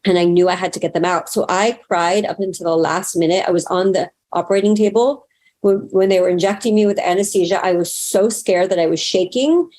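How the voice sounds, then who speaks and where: A woman's voice: on the low side, fairly quick, darkish tone. A woman guest in an interview, telling a personal story in an earnest, talkative way. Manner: earnest, talkative, acts out past moments in quotes.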